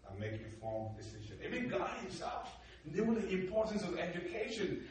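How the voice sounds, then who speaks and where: A man from Africa telling his life story as a talk, animated and acting out the dialogue. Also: moderate pace. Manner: animated, acts out dialogue with rising emphatic pitch. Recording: echoey hall from a distant mic.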